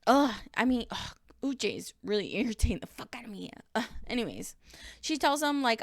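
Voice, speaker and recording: A woman's voice: fairly high pitch, very animated, normal speed, creaky, no room sound, clean studio sound. A woman in her thirties recapping a reality show in a casual vlog, blunt and exasperated, swearing freely. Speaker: reaction vlogger. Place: dim room at home.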